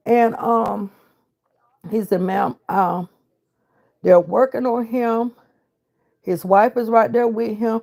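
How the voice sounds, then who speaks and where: A grieving middle-aged woman tells her own story of loss with emotion, reenacting the dialogue as she goes. Her voice sits on the high side, a little slow, gravelly and darkish in tone.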